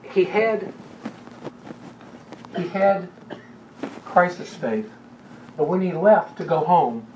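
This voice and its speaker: A man's voice: sits high, lively intonation, slow, long pauses, a little mellow. A man teaching a Bible study in an informal, conversational way, with frequent fillers and restarts. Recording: distant, dull room recording with faint background noise.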